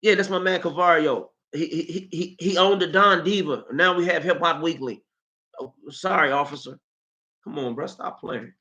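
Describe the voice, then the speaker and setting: Animated, bright-voiced DC man ranting. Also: fairly high pitch, normal speed, muffled recording. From Washington, DC. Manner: animated, mocking, streetwise banter. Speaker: live-stream host. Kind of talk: live-stream commentary.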